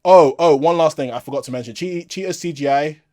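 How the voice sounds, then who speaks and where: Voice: medium pitch, brisk, warm tone. A channel host giving a casual solo movie review, exasperated and repetitive, often breaking into laughs.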